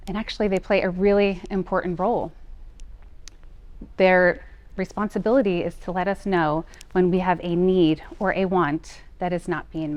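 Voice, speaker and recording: Earnest middle-aged lady parent coach, lowish voice, dead dry room. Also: no room sound. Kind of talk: personal talk.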